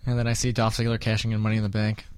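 A man's voice: lowish voice, completely flat delivery, very fast, darkish tone. A man co-hosting a casual podcast, reading out upcoming matches and collecting everyone's picks. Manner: runs the segment, reading out matches and taking picks. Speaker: podcast co-host. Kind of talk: casual wrestling chat.

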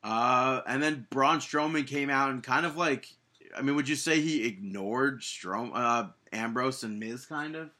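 A man's voice: mid-range voice, unhurried, pushed and bright. A man hosting a wrestling podcast, talking casually with lots of filler words and some sarcasm. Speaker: podcast host.

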